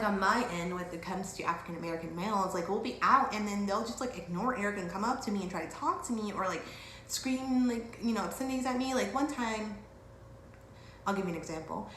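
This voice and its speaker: Animated storytelling woman in echoey room. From Dallas, Texas. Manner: animated, acts out quotes with big pitch jumps. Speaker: vlogger. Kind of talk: casual storytelling vlog. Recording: echoey room with faint background hiss.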